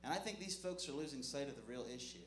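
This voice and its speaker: A man performing a stand-up comedy set on a club stage, with an awkward, self-deprecating delivery full of halting restarts. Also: medium pitch, animated. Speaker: stand-up comic. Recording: echoey club room with crowd noise.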